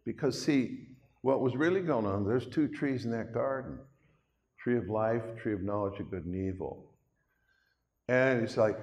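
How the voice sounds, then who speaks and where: The recording is muffled and full of the long reverb of a church hall, where an older pastor from Canada preaches in a chatty, folksy way with asides to the congregation. His mid-range voice has a darkish tone and is animated, though a little slow, and he pauses often.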